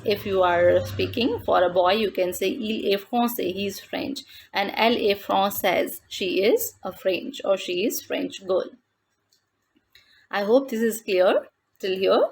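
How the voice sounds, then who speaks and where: Woman, French teacher, patient voice-over lesson for beginners; gravelly edge, mid pitch, deliberate pacing. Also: a little hiss or hum. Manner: slow and deliberate, repeats words in French then English. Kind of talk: explaining a textbook lesson.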